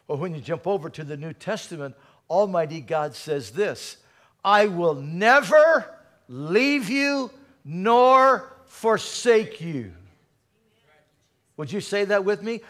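A male pastor preaching a sermon, calling out to the congregation and swinging from soft murmurs to loud exhortation. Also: high voice, animated, slow pace. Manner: preaching with call-and-response and dramatic swings in volume.

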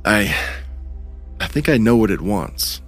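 A man's voice: on the low side, lively intonation, a little slow, soft background music. A man narrating a horror story, voicing an injured young man who talks in a strained, pained way. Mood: grim.

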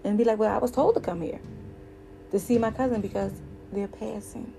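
Earnest woman with a gravelly, mellow voice. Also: on the high side, a little fast, a little hiss or hum, rough recording. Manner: earnest, animated when quoting others. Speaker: vlogger telling a personal story. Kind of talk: casual heartfelt storytelling.

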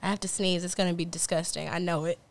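A woman's voice: lowish voice, steady tone, fast, creaky. A woman co-hosting a comedy podcast, blunt and profane in casual chat, often breaking into laughter. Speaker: podcast co-host. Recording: faint background noise.

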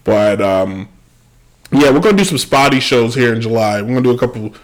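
A young man hosting a sports podcast, ranting in a casual, slangy, animated way. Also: mid-range voice, a little fast.

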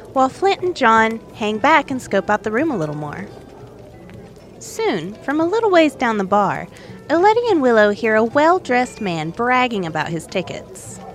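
Chatty woman narrator, lively pitch, faint music bed. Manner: playful, conversational. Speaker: storyteller. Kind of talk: narrating an adventure story.

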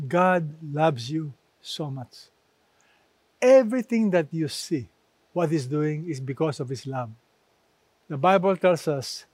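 Slow, emphatic male preacher. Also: a little high, darkish tone, dry recording. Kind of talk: sermon.

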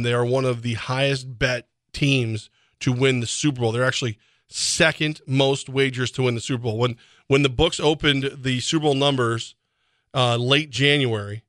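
A man co-hosting sports radio in a chatty, rambling way, with quick laughing asides. His voice is bright and forward, and it sits in a tight, dry studio with no room sound. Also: mid-range voice, no room sound. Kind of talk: casual sports radio talk. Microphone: studio microphone.

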